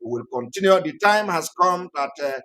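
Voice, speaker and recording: A man hosting an online channel, delivering emphatic, repetitive political commentary that rises to loud outbursts. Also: fairly high pitch, animated, normal speed, a little hiss or hum. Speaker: online TV host.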